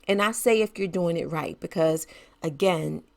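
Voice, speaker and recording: A woman's voice: on the low side, moderate pace, vocal fry. Woman podcast host, middle-aged, chatty and encouraging, laughs easily. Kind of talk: casual solo podcast talk.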